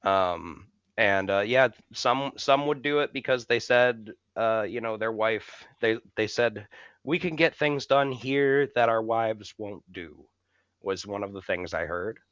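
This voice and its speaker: A man's voice: on the low side, measured pace, fairly bright tone, smooth, dry recording, muffled recording. A young man telling a long story in casual podcast chat, swearing freely and laughing as he goes. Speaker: podcast co-host.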